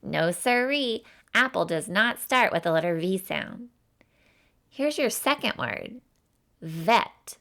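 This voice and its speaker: A woman as Dixie, slow folksy teacher. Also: medium pitch, very animated, creaky, sharp tone, full character voice. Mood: cheerful. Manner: encouraging, sing-song, folksy. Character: cheerful folksy young woman teacher for kids. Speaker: phonics teacher. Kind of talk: children's phonics lesson.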